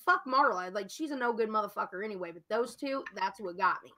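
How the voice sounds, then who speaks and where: A woman's voice: medium pitch, expressive, fast talker, sharp tone. A woman venting angrily and profanely in a casual livestream chat. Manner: profane, heated, ranting. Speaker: livestream guest.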